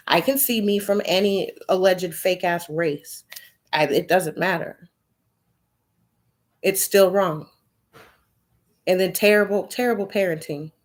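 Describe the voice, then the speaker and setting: A woman vlogger delivering a heated, blunt monologue full of profanity and rhetorical questions. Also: lowish voice. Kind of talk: ranting monologue to camera.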